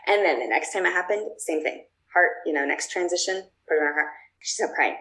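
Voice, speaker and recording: A woman's voice: on the low side, expressive, brisk, sharp tone, poor audio. A woman guest telling personal stories in a casual, chatty way, with plenty of fillers and restarts. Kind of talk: casual storytelling.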